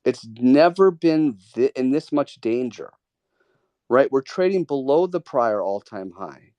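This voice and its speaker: A man's voice: medium pitch, lively intonation, a little slow, warm tone, no room sound, dull audio. A man hosting a live trading Q&A, talking casually and coaching callers with emphatic, repeated points. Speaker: host of a trading Q&A. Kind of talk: casual mentoring talk.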